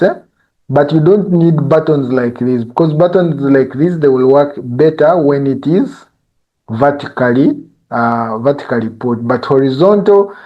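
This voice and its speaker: A man's voice: on the high side, highs cut off. Man teaching with frequent "eh?" checks. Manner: conversational, frequent "eh?" and "you see?" checks, restarts. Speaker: instructor. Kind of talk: live software tutorial.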